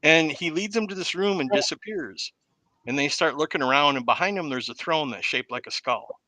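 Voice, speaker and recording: A man, a podcast host, casually retelling a movie plot as an animated storyteller. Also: fairly high pitch, fairly quick, no room sound, poor audio. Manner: animated storyteller who acts out the quotes.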